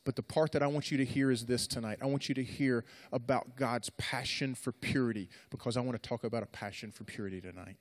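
A man preaching a sermon to young people, swinging between dramatic, loud storytelling and casual, conversational asides full of fillers and restarts. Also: mid-range voice, a little fast. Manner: animated dramatic storytelling, rising loud in retellings.

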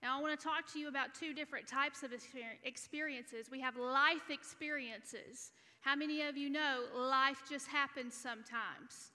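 A woman's voice: sits high, steady tone, moderate pace, hardly any pauses, pushed and bright. A woman from Alabama preaching a sermon, earnest and teaching point by point. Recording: reverberant church hall.

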